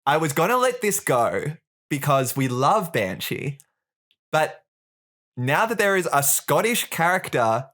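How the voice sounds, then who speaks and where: A woman's voice: low-pitched, very animated, measured pace, fairly bright tone. A woman from Ireland, co-hosting a podcast in casual, playful chat. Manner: playful, teasing. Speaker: podcast co-host.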